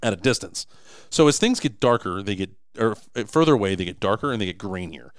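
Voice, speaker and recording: A man's voice: lowish voice, fast talker, dry recording, studio quality. A man co-hosting a casual podcast, talking emphatically with many restarts. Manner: animated, emphatic, frequent restarts. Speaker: podcast co-host, business owner.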